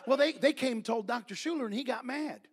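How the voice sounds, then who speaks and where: A man preaching a sermon, telling folksy stories and building to repeated, shouted refrains. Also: extremely high pitch, fast, slightly rough. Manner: folksy storytelling.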